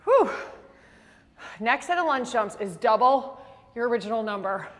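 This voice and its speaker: A woman fitness instructor leading a workout class, out of breath and slightly hoarse, counting reps aloud between heavy exhales. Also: fairly high pitch, animated, normal speed. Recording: long reverb in a big room.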